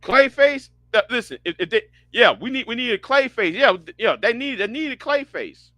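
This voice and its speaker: A man hosting a livestream, ranting casually in a profane, animated way, often stammering and restarting his words. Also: extremely high pitch, normal speed, dry recording. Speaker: livestream host.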